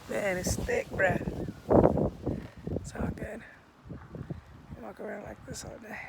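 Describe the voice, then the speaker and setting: A slow, unhurried man in his thirties with a gravelly, fry-edged voice, musing in a casual vlog. He slides often into soft half-whispers as he talks into a phone. The outdoor recording carries clear background noise. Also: high voice, fairly even intonation. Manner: laid-back, drifting into soft half-whispers. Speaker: vlogger.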